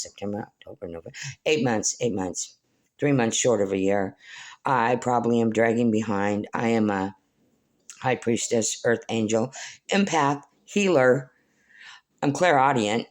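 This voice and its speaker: A middle-aged woman rambling through a personal monologue to her viewers, blunt, scolding and preachy, calling them "folks.". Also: rumbling low. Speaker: spiritual vlogger.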